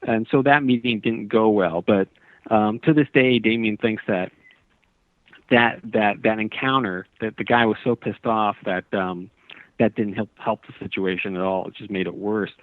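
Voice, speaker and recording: A man's voice: fairly low pitch, steady tone, normal speed, no room sound. A male author as a radio interview guest, telling a long story in a meandering, earnest way with many restarts. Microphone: phone. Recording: tinny dry phone line.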